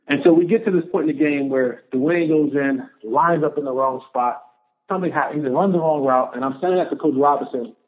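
A man, a former football player, telling a story as a podcast guest, animated and repeating phrases for emphasis. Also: mid-range voice. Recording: tinny phone-line audio.

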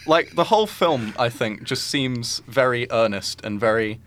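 An animated male podcast co-host with a mid-range, fairly bright voice talks at normal speed in a casual film discussion. He rambles, leaning heavily on "like" and "I think" as fillers.

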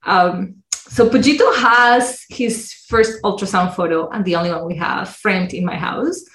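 A woman speaks as an interview guest, recounting a personal story with expressive delivery. Her voice sits at a middle pitch. The recording has a roomy echo around it. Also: a little slow. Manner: expressive, acts out other people's voices when quoting. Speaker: guest, mindset coach.

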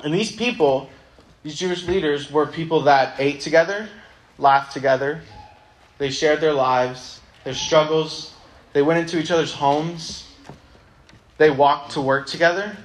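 Young man, youth pastor, relaxed conversational preaching, slightly high pitch. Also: a little slow. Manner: casual, conversational, many ums. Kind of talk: sermon with Bible reading.

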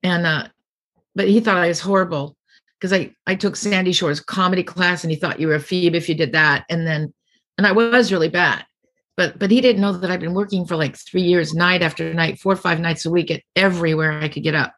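A middle-aged woman comedian, interviewed as a guest, tells rambling anecdotes and acts out the people she quotes in a casual storytelling interview. Her voice is fairly low and a bit bright, with fairly even intonation and a slightly quick pace.

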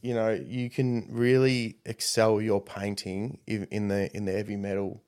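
A man's voice: fairly low pitch, little pitch movement, measured pace, darkish tone. Male guest; casual, rambling storyteller who perks up when quoting.

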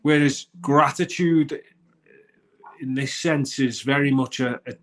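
A man's voice: mid-range voice, steady tone, slow. A man with a British accent co-hosting a morning wellness chat, talking earnestly and rambling with many restarts. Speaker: co-host of a morning wellness show. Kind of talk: casual morning show chat.

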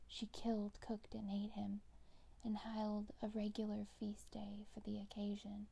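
Brief: woman narrator, hushed bedtime fairy-tale reading, gravelly, dark and even. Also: medium pitch. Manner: hushed, half-whispered reading. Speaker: podcast host reading fairy tales. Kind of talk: soft bedtime storytelling.

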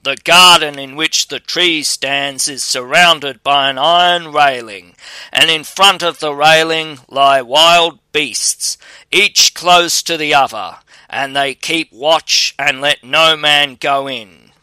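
Man voicing a gruff, loud fairy-tale giant, bright and crisp. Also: a little high, slow pace, no room sound, full character voice. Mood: grave. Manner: louder, raised voice. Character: huge male giant, gruff and demanding.

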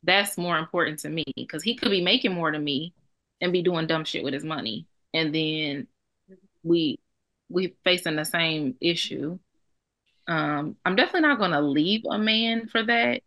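A woman's voice: sits low, a bit bright. A young adult woman co-hosting a podcast, talking bluntly and emphatically with plenty of profanity. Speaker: podcast co-host. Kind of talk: casual podcast chat.

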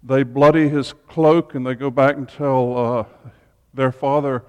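A man teaches a group in an informal way, chatting and tossing in humorous asides. He talks at an unhurried, deliberate pace at a middle pitch. His voice rings with a long reverb, as if he were in a large hall. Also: fairly even intonation, smooth, muffled recording. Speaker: Bible study leader.

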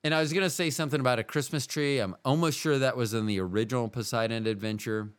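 A man hosts a solo podcast in a loose, wandering monologue, often breaking off mid-thought. His voice is smooth and clear at a middling pitch. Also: quick pace. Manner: meandering, self-interrupting, wry. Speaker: podcast host.

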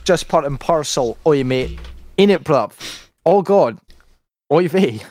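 A man's voice: fairly high pitch, lively intonation, takes it slowly, noisy background. A British man hosting a livestream, laughing often as he reads out a comic rant and the chat. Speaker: livestream host. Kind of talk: casual stream chat and comic rant reading.

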